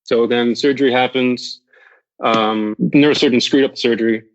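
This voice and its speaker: A man's voice: medium pitch, steady tone, moderate pace, muffled recording. A man as a podcast guest candidly recounting a personal near-death story, swearing freely and often restarting his sentences.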